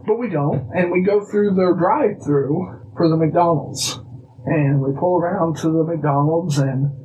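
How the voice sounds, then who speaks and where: A man from Illinois, a guest telling a personal story casually, animated and acting out bits of dialogue. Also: fairly high pitch, measured pace, muffled recording. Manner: animated, acts out dialogue, restarts phrases.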